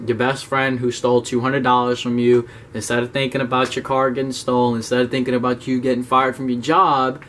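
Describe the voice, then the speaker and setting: A man's voice: mid-range voice, slight background noise. A young man giving blunt, profane advice to his viewers in a casual video talk. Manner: blunt, profane, animated, talks straight to viewers. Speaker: self-help YouTuber.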